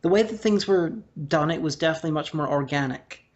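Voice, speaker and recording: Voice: mid-range voice, quick pace. A podcast speaker discussing a film casually, hesitant with many restarts and fillers. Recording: dull lo-fi audio.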